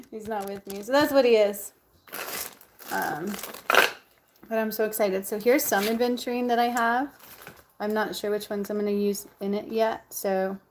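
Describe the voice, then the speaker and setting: A woman's voice: mid-range voice, a little hiss or hum. A woman chatting casually to her camera as a vlogger, bubbly and full of ums and likes.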